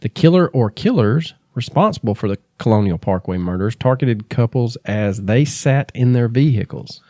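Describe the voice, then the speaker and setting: A man's voice: mid-range voice, animated, moderate pace, dark tone, no echo, studio quality. A man co-hosting a true crime podcast, chatting casually and reading out case notes. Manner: laid-back, joking, reads case notes. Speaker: podcast co-host.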